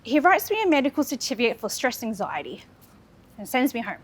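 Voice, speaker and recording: Her voice sits high and swings widely in pitch as she talks fairly quickly. She is an Australian public speaker in her thirties, sharing earnest personal stories and building momentum through repetition.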